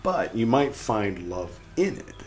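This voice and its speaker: A man's voice: on the low side, very animated, slow pace, faint music behind. A man hosting a podcast, reading passages and rambling through casual commentary with restarts and dips into a near-whisper. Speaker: podcast host.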